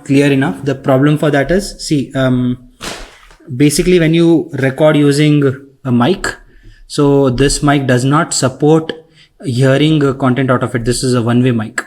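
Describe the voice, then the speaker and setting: A man leading a screen-share software tutorial, talking conversationally and tagging his sentences with "right?" and "okay?". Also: mid-range voice. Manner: conversational, frequent "right?" tags and fillers. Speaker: instructor. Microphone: recording mic.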